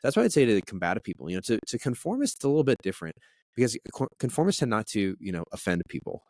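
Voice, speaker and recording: A man in his thirties, a podcast guest, telling a personal story in an earnest, animated way and often restarting his sentences. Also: lowish voice, rapid-fire, dry recording, clean studio sound. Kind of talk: conversational storytelling.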